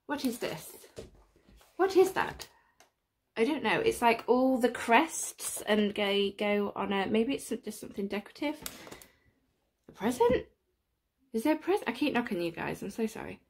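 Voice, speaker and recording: A woman's voice: on the high side, big pitch swings, normal speed, pauses often. A woman giving casual unboxing commentary, gushing and often gasping with delight. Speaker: unboxing vlogger. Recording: plastic crinkling noise behind.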